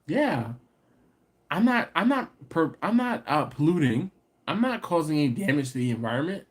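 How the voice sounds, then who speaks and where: A man hosting a barbecue channel's live stream, chatting casually and answering viewer comments, animated and laughing, climbing into exasperated rants. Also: fairly high pitch, normal speed.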